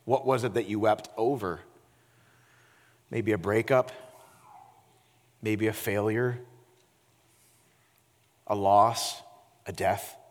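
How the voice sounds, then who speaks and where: A male pastor preaching a sermon, expressive and full of rhetorical questions to the congregation. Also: medium pitch, long reverb tail. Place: church sanctuary.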